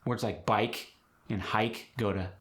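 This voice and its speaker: A man hosting an accent lesson, explaining pronunciation rules in a clear, step-by-step way. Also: on the low side, fairly even intonation, takes it slowly, a bit bright. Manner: clear, step-by-step instructive delivery. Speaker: accent coach and channel host. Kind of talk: instructional explanation.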